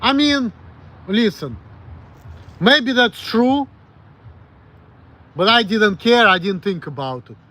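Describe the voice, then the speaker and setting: A streamer in his late thirties with a Russian accent answers viewers on a livestream, rambling frankly and swearing plenty, with halting self-corrections. His high voice is expressive, bright, and forceful.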